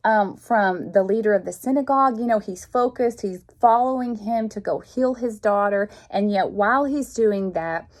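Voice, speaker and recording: A woman's voice: medium pitch, normal speed, few pauses. A woman, reading and explaining a Bible passage in a folksy, conversational way. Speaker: Bible teacher. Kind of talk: informal devotional teaching.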